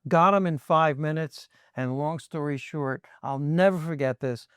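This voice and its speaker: A man hosts a podcast in a casual, conversational way, quick to laugh and join in. His voice sits a little high, and the sound is dry and close. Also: fairly bright tone, clean tone, dry recording. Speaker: podcast host.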